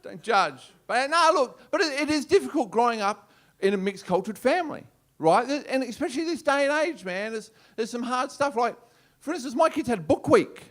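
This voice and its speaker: A man's voice: very high voice, lively intonation, brisk, few pauses, fairly bright tone. A man with an Australian accent doing a brash, swearing stand-up routine on a comedy club stage. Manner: brash, swearing, punchy delivery.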